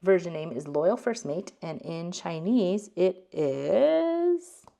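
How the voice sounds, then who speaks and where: A woman's voice: lowish voice, very animated, slow pace, vocal fry, dark tone. A woman hosting a casual language lesson, chatting with frequent ums and likes as she reads out card text in two languages. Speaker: card game channel host.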